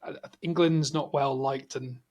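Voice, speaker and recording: A man's voice: mid-range voice, fairly even intonation, unhurried, darkish tone. A man in his thirties hosting a podcast, chatting through anecdotes over a video call. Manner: chatty anecdotes with filler words. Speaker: podcast host. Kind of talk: casual chat.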